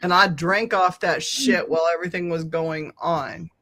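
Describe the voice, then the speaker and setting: A middle-aged woman telling a long, animated story on a podcast, swearing freely and laughing often. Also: lowish voice, normal speed. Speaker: podcast co-host. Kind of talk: casual storytelling chat.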